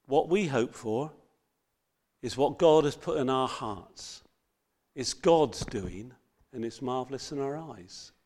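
A man preaching a sermon, earnest and reading scripture with loud emphasis. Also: medium pitch, animated, slow.

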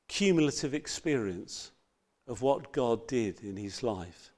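A man preaching a sermon, earnest and reading scripture with loud emphasis. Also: mid-range voice, animated, a little slow.

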